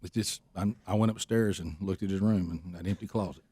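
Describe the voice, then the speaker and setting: A man's voice: low-pitched, steady tone, fairly quick, mellow, slightly rough, no echo, clean studio sound. A middle-aged man, co-hosting a radio show and telling a long teasing story full of restarts. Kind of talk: casual chat.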